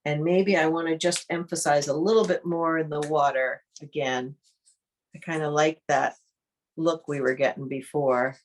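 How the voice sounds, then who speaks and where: A woman leading an online art workshop, calmly thinking aloud as she demonstrates each step. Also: sits low. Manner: calm, unhurried, thinks aloud while demonstrating. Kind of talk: online interactive workshop teaching.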